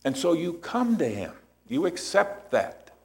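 A man's voice: fairly high pitch, very animated, unhurried, creaky. A man preaching a sermon as pastor, explaining scripture step by step and checking in with rhetorical questions.

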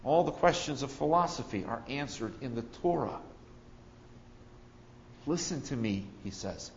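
A man preaching an expository sermon, rising on key words and then dropping low. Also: expressive, measured pace, highs cut off, a little hiss or hum. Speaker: pastor.

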